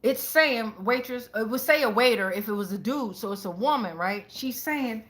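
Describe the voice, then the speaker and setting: A woman giving a casual tarot reading to her viewers, talking excitably with lots of profanity, repeating phrases and checking in with "right?" again and again. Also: on the high side, moderate pace, reverberant. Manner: profane, keeps asking "right?". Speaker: tarot reader.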